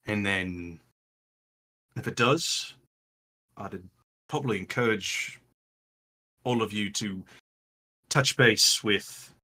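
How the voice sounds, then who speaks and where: A calm, earnest leader, as a game master voices him, speaking slowly and deliberately. The voice is bright and clear, with unhurried pauses. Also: male voice, fairly low pitch, voice pushed down, full character voice.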